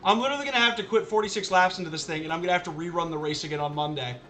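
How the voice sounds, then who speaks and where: A man streaming a game for his chat, his voice high and bright with a forceful edge. He rants in an exasperated, casual way and keeps circling back to the same complaint. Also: very fast, faint music behind. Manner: exasperated ranting, repeats himself. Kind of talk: casual live-stream commentary.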